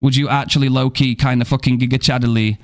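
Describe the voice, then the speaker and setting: A man's voice: mid-range voice, level tone, quick pace. A young British man streaming a horror game, chatting playfully with viewers and swearing freely. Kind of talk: casual live-stream chat with viewers.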